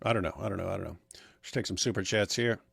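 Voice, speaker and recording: A man's voice: low voice, very fast, creaky, a bit bright, breathy edge, dry recording, clean studio sound. A middle-aged man hosting a casual live stream, blunt and sarcastic as he reads viewer comments. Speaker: livestream host.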